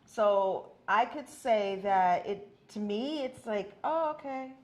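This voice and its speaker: Relaxed woman co-host from Miami. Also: medium pitch, slow pace. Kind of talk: casual chat.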